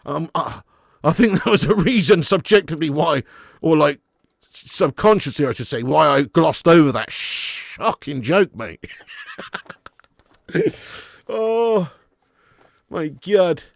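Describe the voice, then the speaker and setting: A man hosting a live football watch-along stream, chatting with viewers and reacting to the match. He talks in a fairly high, excitable voice and swears freely. The sound is close and dry. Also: a little slow, gravelly, pauses often, no room sound. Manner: excitable, sweary and laughing, bursts out at match moments.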